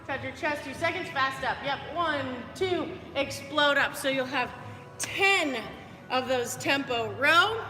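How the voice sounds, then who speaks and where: A woman's voice: high-pitched, bright, forceful tone, in a large hall. A woman fitness coach giving upbeat, chatty movement cues during a live workout.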